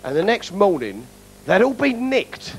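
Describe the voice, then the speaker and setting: Stand-up guy, pretty high voice, wry and sardonic, faint noise under it. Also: very animated, measured pace. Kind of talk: stand-up routine.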